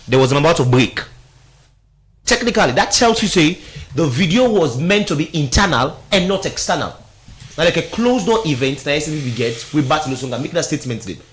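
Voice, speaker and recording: Animated Sierra Leonean radio commentator, man. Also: fairly high pitch. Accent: Sierra Leonean Krio-inflected English. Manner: animated, emphatic, mixes Krio and English. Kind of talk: radio talk show analysis.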